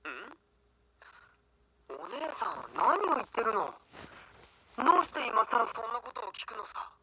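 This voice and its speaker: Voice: mid-range voice, a little fast, a little hiss or hum, heavily acted, rough recording. Voice actor as a clingy grown-up game twin. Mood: hurt. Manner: lively, coaxing, sometimes whispered. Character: grown-up twin young man, clingy and playful. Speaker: game character voice. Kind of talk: Japanese game voice acting.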